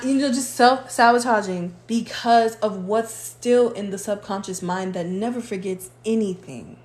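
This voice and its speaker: A woman's voice: mid-range voice, normal speed, few pauses, a little mellow. A woman giving a tarot reading on a live stream, talking in a casual, slangy way and acting out the voices she quotes. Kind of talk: casual livestream talk. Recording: echoey room with faint noise.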